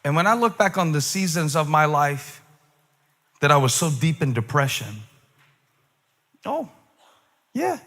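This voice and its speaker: A man preaching a conversational sermon as a pastor, chatty and self-deprecating, building to shouted emphasis. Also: fairly high pitch, very animated, a little slow, long pauses.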